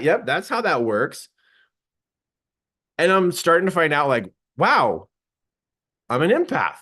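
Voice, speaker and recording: A man's voice: fairly high pitch, a bit bright. A man giving a casual storytelling talk about discovering he is an empath, acting out the voices he quotes and laughing often. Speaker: speaker and teacher on empathy.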